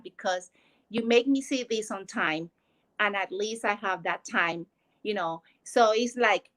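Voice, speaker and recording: A woman. Her voice sits fairly high. She tells her story earnestly and emotionally, as a mother talking about work and family. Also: rough recording. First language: Spanish. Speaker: guest. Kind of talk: personal testimony.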